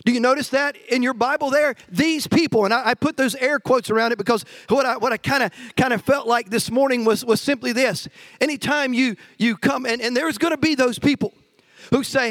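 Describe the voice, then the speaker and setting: A man with a strikingly high voice preaches to his congregation. He builds to fiery, emphatic exhortations and drops into playful asides. The sound is close and dry, with no room echo. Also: a little fast, fairly bright tone. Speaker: pastor. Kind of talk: sermon.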